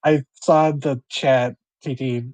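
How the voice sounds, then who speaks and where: A man's voice: mid-range voice, fairly even intonation, measured pace, a little mellow, dry recording. A man running a tabletop game as game master, talking loosely with restarts. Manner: casual, loose, stop-start.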